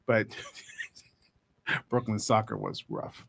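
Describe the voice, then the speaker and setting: A man's voice: on the low side, takes it slowly, creaky, husky. A man chatting casually as a podcast co-host, telling a story about his daughter and acting out the voices with lots of laughter. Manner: animated storyteller, acts out quotes, laughs often. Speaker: father.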